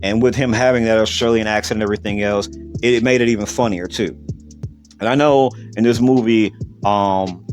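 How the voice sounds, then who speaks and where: A man's voice: lowish voice, fairly even intonation, a little fast, soft background music. A man hosting a podcast, giving a blunt, profane, rambling movie review. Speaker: podcast host. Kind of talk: casual movie review rant.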